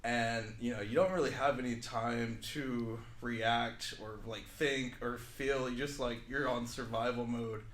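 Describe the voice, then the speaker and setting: A man's voice: mid-range voice, unhurried, hardly any pauses, roomy sound, a little hiss or hum. A man who works as an English teacher, telling a story in a casual interview, saying "like" often. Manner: chatty, heavy use of "like", animated retelling.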